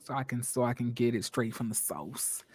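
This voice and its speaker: Young man, show host, casual reality TV review, profane, animated, middle pitch, dry close sound. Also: normal speed, slightly rough, no room sound. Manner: animated, profane, laughing, puts on voices when quoting.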